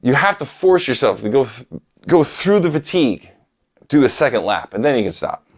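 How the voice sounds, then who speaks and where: A man's voice: mid-range voice, very animated, moderate pace. A middle-aged man gives a drum lesson, speaking directly to his students. He explains rudiments in a coaching tone and counts out the patterns aloud. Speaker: drum teacher. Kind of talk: instructional talk to camera.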